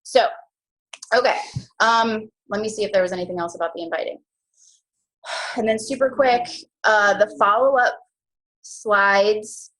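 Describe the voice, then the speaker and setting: A young woman leading a team coaching call, chatty and animated, full of slang and quick asides. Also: poor audio. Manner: animated, chatty, slangy, jumps into high mock voices. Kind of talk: casual motivational team call.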